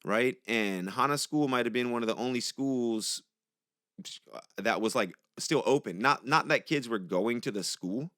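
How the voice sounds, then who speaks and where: A man's voice: mid-range voice, a little slow, fairly bright tone, no room sound. Young male podcast host, angry and profane, casual delivery, dry close sound. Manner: profane, heated, conversational. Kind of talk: casual monologue.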